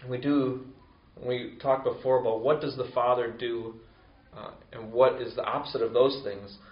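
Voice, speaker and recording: Man preaching, animated quoting voices, roomy hall sound. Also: normal speed. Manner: conversational, acts out quoted voices with rising pitch. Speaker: pastor. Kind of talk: sermon. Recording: roomy, distant, dull lo-fi sound.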